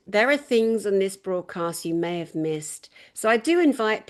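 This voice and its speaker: A woman hosting a casual conversation who talks emphatically and with passion, moving from loud exclamations to quiet, earnest asides. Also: mid-range voice. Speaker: host.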